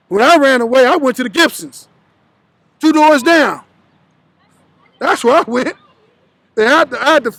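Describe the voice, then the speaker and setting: A man's voice: very high-pitched, a bit bright, no room sound. A man, a guest in an interview, telling his life story bluntly and profanely, acting out the voices of the people he quotes.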